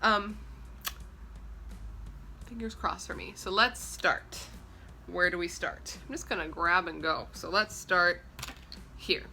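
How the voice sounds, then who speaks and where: A woman's voice: on the low side, fairly even intonation, slow pace, gravelly, pauses often, pushed and bright, slight background noise. Chatty young woman beauty vlogger. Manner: chatty and playful, jokey asides. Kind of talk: casual chat to camera.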